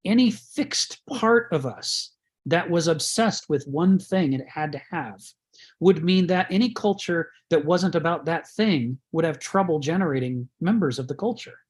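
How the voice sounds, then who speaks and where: A man's voice: fairly high pitch, animated, normal speed, slightly rough. A man giving a conversational lecture, rambling, chuckling often and using many fillers.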